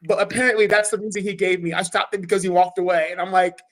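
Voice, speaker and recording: Animated, cursing male fighter telling a story. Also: high-pitched, fast talker, low-quality recording. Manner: animated storytelling, swears often, acts out his own quotes. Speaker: guest fighter. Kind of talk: casual podcast chat.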